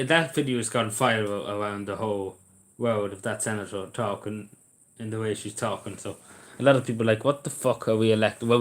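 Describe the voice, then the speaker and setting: An Irish man hosting a live stream, chatting casually in a blunt, rambling way and swearing freely, recorded on a camera mic indoors. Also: lowish voice. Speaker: livestream host. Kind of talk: casual chat to a live audience.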